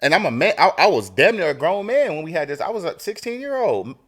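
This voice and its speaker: A man's voice: fairly high pitch, big pitch swings, quick pace. A man co-hosting a podcast in casual debate, emphatic and profane, insisting on finishing his point. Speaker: podcast co-host.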